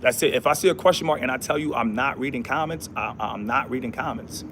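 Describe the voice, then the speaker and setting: A man's voice: medium pitch, quick pace, background noise. A man hosting a casual livestream, talking in a preachy, repetitive way with slangy speech and Bible verses. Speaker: livestream host.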